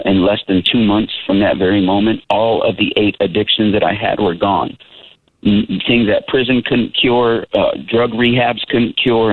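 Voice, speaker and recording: Guy in his 30s telling his faith story, low gravelly voice, sounds like a phone line. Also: no echo. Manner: earnest, emphatic storytelling with "man" and "bro". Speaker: interview guest, Christian rapper. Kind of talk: testimony in casual interview. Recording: tinny phone-like line, dry.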